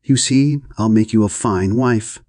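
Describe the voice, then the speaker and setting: A man's voice: lowish voice, measured pace, a little mellow, dry recording, clean studio sound, voice pushed up, close to an everyday voice. A man voicing a teasing young woman in an audiobook. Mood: playful teasing. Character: playful young woman, quick-witted lover.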